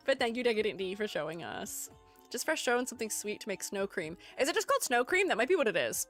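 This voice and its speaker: Over faint music, a woman streamer critiques art in a high, very animated, slightly bright voice, talking fast. She rambles through the casual chat, giggly and self-deprecating.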